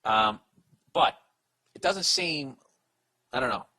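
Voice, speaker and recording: A man's voice: mid-range voice, lively intonation, slow, bright, forceful tone. A middle-aged man hosting a podcast, giving blunt, profane comic advice in a self-deprecating rant.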